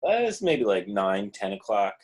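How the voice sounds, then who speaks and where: A man's voice: on the low side, sing-song, normal speed, breathy edge. A young man co-hosting a beer review podcast, laid-back in casual chat and laughing often. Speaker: podcast co-host reviewing beers.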